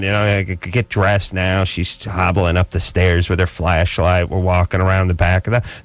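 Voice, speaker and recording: A man hosting a radio call-in show, telling stories in a rambling, animated way. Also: low voice, normal speed, hardly any pauses, dry recording. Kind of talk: casual talk radio banter.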